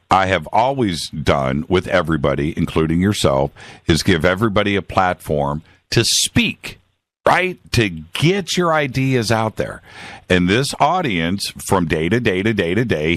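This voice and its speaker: A man's voice: deep voice, a bit bright, dry recording. A man hosting a talk show interview, speaking emphatically and often checking in with his listener. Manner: emphatic, keeps checking in with "right?".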